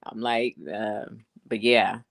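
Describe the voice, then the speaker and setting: A woman who is a guest on a live stream, chatting casually and quick to laugh. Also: rumbling low, level tone.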